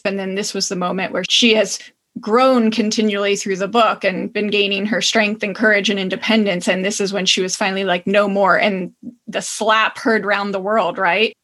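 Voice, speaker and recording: A woman talking about a book in a lively, conversational way. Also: mid-range voice, a little slow. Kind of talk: book discussion.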